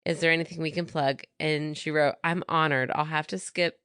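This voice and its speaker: A woman's voice: low-pitched, fairly even intonation, moderate pace, fairly bright tone, clear, resonant tone, no echo, clean studio sound. A woman co-hosting a podcast in casual chat, rambling and giggling as she reads out thanks and plugs. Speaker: podcast co-host.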